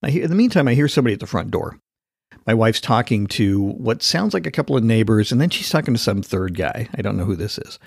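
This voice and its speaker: A man hosting a podcast, telling a story in an animated, casual way and acting out the voices of the people in it. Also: fairly low pitch, fast, vocal fry, husky, dry recording, studio quality. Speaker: podcast host.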